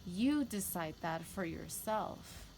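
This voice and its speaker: A woman's voice: on the low side, expressive, takes it slowly, a little mellow, slight background noise, rough recording. A woman giving a tarot reading, talking candidly and rambling, with emphatic repeats. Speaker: tarot reader. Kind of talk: casual spiritual talk to camera.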